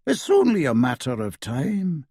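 A man's voice: fairly high pitch, sing-song, a little slow, dark tone, slightly rough, no echo, studio quality, voice pushed up, full character voice. A man voicing a pompous, zealous older male government minister who talks in a clipped, self-important way.

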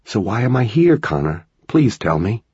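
A man's voice: fairly low pitch, big pitch swings, normal speed, darkish tone, husky, no echo, highs cut off, voice pushed up, exaggerated voice. A man voicing a tired, worried mother of an eleven-year-old boy. She sounds anxious and pleading. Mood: exasperated.

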